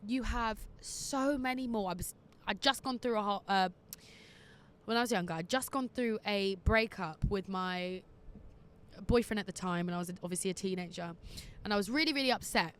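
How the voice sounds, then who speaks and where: A woman hosting an advice podcast in casual chat, candid and quick to laugh. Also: mid-range voice, a bit bright, clear, resonant tone. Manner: chatty and candid, laughs easily. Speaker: podcast host giving listener advice.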